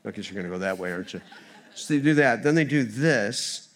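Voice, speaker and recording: A man preaching a sermon in a church as a guest speaker, a former missionary who tells funny stories in an animated way. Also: medium pitch, a little fast. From United States. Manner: storytelling, humorous and animated.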